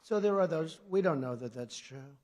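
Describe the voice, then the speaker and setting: A man in his seventies from the United States giving a rambling, sarcastic off-script speech at a political conference, jumping between loud punchlines and quiet asides. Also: animated, moderate pace. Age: 70s. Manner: sarcastic, digressive, swings between loud emphasis and low asides. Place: large conference hall before an audience.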